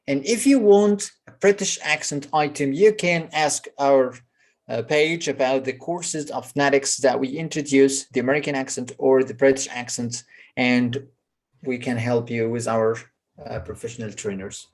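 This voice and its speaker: A woman with an Egyptian Arabic accent, a native Arabic speaker, teaching English pronunciation in an online lesson and drawing out slow model words between fillers. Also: a bass voice, a little mellow.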